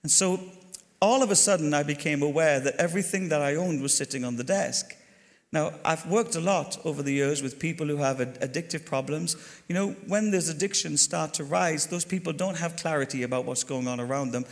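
An Irish man telling a story during his sermon as a pastor, chatty and animated, talking straight to the congregation. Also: a little high, fairly quick. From Ireland. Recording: long hall reverb.

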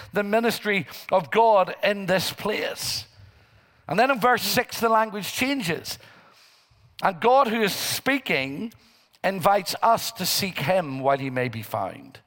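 Guy preaching a slow deliberate sermon, high voice, big echoey church hall. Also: fairly bright tone. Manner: preaching slowly, rising into emphatic quoted scripture. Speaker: pastor. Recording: church hall with long reverb.

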